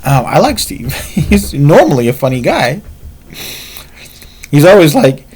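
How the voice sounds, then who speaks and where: A man's voice: a little high, very animated, a little slow, darkish tone, breathy edge. A man telling a martial arts story in a casual, rambling way, with frequent fillers.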